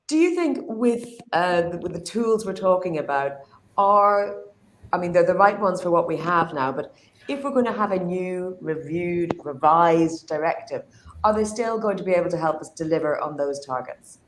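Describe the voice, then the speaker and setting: A woman's voice: on the low side, expressive, moderate pace, a little hiss or hum. A woman moderating an online panel, friendly and lightly self-deprecating, speaking over a video call. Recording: echoey room.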